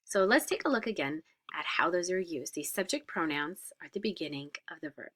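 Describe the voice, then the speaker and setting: A woman's voice: fairly low pitch, lively intonation, fairly quick, hardly any pauses, fairly bright tone. A woman French teacher explaining grammar in a recorded lesson, patient, with frequent "uh" fillers and whispered examples.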